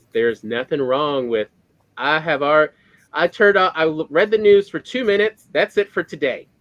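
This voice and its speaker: A man with a middle-pitched voice talks through a casual podcast chat. He rambles and restarts his thoughts, leaning on fillers as he goes. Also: no echo, muffled recording. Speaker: podcast host.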